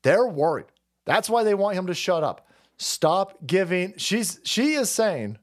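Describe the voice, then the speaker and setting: A man's voice: big pitch swings, normal speed. A man hosting a political commentary stream, ranting crudely and mocking the clips he plays. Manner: mocking, crude, shouting swings in pitch; does mocking falsetto voices when quoting others.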